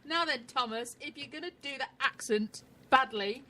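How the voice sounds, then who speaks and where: Bright-voiced English woman bantering cheekily. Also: sits high, moderate pace. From England. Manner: cheeky, teasing, laughs often. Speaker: co-host. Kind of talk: casual chat show banter.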